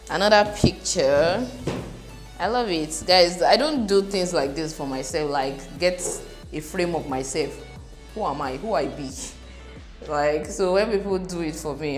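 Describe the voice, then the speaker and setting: A woman chatting casually to her viewers, bubbly and excitable, laughing often. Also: on the low side. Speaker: fashion designer and vlogger. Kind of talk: casual vlog chat. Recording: echoey room with background music.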